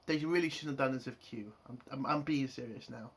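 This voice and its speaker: A man's voice: medium pitch, fairly quick, breathy edge. A man giving a casual episode review, frustrated and swearing, building into exasperated outbursts. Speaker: show reviewer.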